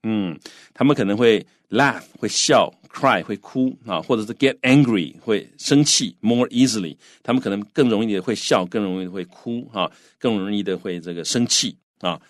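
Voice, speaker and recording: Brief: male language teacher, lowish voice, patient and repetitive, dry studio sound. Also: no echo. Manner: explains phrases slowly, repeating and translating. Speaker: English teacher. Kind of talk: bilingual language lesson.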